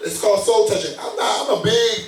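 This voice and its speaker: Male co-host, 30s, casual slangy talker, pitch a touch high, roomy distant sound. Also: a little fast. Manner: relaxed, slangy, often asks "you know what I'm saying?". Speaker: podcast co-host. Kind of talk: casual chat.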